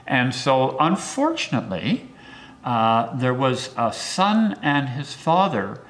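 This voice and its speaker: Slowly and vividly, an older local historian narrates pioneer history, sliding his pitch dramatically for emphasis.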